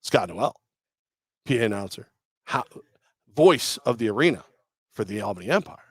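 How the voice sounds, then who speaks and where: A man's voice: fairly low pitch, moderate pace, slightly rough, no room sound. A man hosting a sports radio show, chatting casually and self-deprecatingly while acting out phone calls. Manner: self-deprecating, expressive, acts out quotes.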